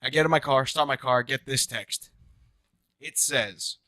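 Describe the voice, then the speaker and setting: A man's voice: medium pitch, measured pace, bright, forceful tone, no room sound. A young man in his twenties co-hosting a casual podcast, telling stories animatedly, acting out quotes and swearing freely. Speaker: podcast co-host. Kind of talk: casual chat, storytelling.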